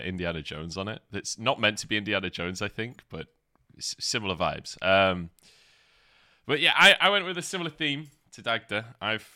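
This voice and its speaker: Bright, lively host. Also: male voice, fairly low pitch, no room sound, clean studio sound. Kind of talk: casual chat on a live stream.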